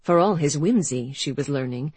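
An audiobook narrator reading a period novel in a measured, expressive way. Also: medium pitch, husky. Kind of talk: scripted narration.

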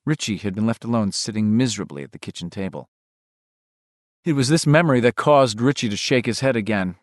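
A man narrating a novel in a measured, expressive reading. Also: fairly low pitch, no room sound, studio quality. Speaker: audiobook narrator.

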